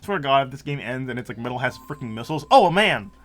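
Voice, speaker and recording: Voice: medium pitch, expressive, fast, fairly bright tone. A let's-play gamer giving casual, jokey, giggly commentary while playing. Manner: giggly, jokey, reacts aloud.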